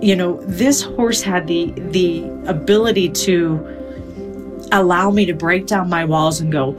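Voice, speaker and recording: A middle-aged woman, her voice set a little low, tells her own story in an interview. She speaks vividly and with feeling, with soft music underneath. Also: unhurried. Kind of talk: personal story told in interview.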